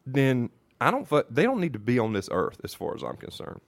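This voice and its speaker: A man's voice: medium pitch, wildly swooping pitch, fairly quick, gravelly, dry recording. A man co-hosting a casual podcast, telling a heated, profanity-heavy story. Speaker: podcast co-host.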